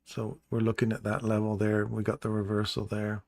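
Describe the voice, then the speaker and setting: A man quietly thinking aloud while commentating his live trades as a streamer, talking into a desk mic. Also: fairly low pitch, monotone, fairly quick, vocal fry, no room sound. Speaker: trading streamer.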